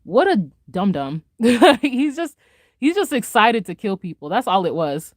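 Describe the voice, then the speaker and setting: A woman's voice: mid-range voice, dry recording, studio quality. Young woman ranting animatedly on stream. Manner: animated, fast-talking rant with frequent laughter and slang. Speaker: live streamer. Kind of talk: casual live-stream rant.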